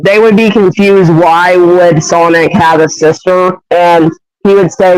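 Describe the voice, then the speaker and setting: A young man pitching a fan story, hesitant and rambling with many fillers. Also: steady tone, unhurried, darkish tone, clean tone, no room sound, low-quality recording. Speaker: fan voice actor.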